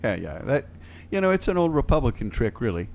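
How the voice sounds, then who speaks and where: A man's voice: medium pitch, very animated, a little fast, vocal fry, darkish tone, a little hiss or hum. A man co-hosting a casual panel chat with a dry, wisecracking manner. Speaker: co-host.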